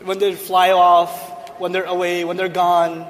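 A man's voice: sits high, monotone, a little slow, hardly any pauses, long reverb tail, a little hiss or hum. A man giving a humorous Islamic lecture from a stage to a live audience, asking rhetorical questions and joking. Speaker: Islamic speaker. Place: large hall, on stage.

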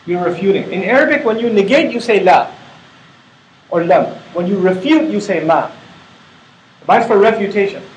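A man's voice: high-pitched, animated, moderate pace, pauses often. A middle-aged man giving a conversational religious lecture on scripture, often asking his listeners rhetorical questions. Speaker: Quran teacher. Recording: echoey lecture room.

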